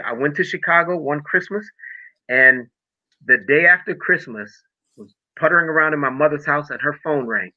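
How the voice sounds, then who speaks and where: Middle-aged man, preacher-like testimony. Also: fairly high pitch. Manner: emotional, preacher-like storytelling. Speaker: podcast guest. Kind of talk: personal testimony in conversation. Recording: tinny phone-like audio.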